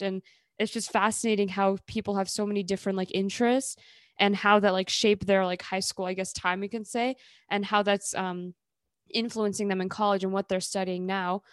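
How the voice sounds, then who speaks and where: A woman's voice: mid-range voice, dry recording. Rambling woman podcaster, dry close sound. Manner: rambling, many fillers and self-corrections. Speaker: solo podcast host, interview guest. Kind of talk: casual interview answers.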